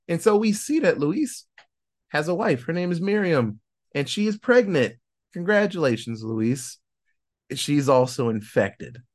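Animated man recapping a movie. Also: fairly high pitch. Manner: animated storyteller, acts out characters' lines in quick voices; swears freely. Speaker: podcast host reviewing a film. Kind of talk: casual plot recap.

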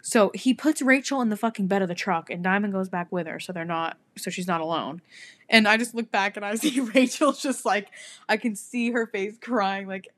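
A young woman co-hosting a podcast tells an animated story in casual chat, swearing freely and laughing a lot. Her voice is medium-pitched and her pace moderate.

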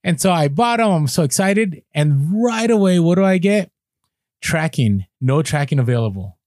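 Podcast co-host, man, animated storyteller, slightly high pitch, dry booth sound. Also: normal speed, no echo. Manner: chatty storyteller, animated asides. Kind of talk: casual podcast chat.

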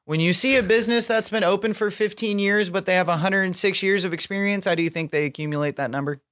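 A man's voice: high-pitched, fast, fairly bright tone. A man co-hosting a podcast in casual chat, rambling and profane, laughing often. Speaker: podcast co-host.

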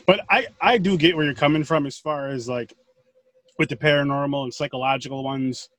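A man's voice: mid-range voice, steady tone, a little fast, a bit bright, no echo. A man hosting a casual interview, encouraging his guest in long run-on thoughts. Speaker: interview host.

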